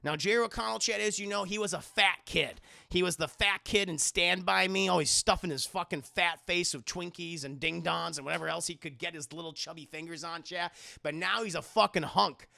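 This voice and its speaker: Bright, gravelly male streamer. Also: high-pitched, brisk. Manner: animated, swears freely, laughs often, addresses chat. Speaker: streamer reviewing a film with live chat. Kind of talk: casual live-stream commentary.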